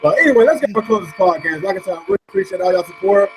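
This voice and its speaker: A man hosting a casual gaming podcast, talking in a laid-back, slangy way and swearing freely. His voice sits a little high. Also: lively intonation, very fast, over music. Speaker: podcast host. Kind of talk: casual chat.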